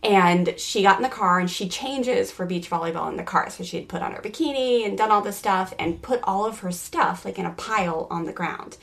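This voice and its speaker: A woman in her forties tells a story from home in a loose, chatty way, full of "like" and quick asides. Her voice sits at a middle pitch. She talks like a podcast host and parenting coach, animated and open. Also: vocal fry. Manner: animated, chatty, many "like" fillers. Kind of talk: casual storytelling.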